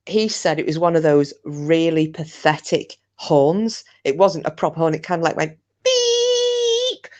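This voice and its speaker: A woman, casually telling a ghost story in a chatty, rambling way, with swearing and restarts. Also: on the low side. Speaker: channel host.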